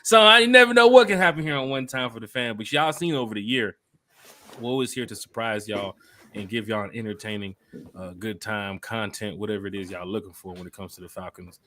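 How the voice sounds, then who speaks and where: A man hosting a casual fan podcast, loud and hyped, talking to the live chat. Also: fairly low pitch, fairly quick. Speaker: podcast host.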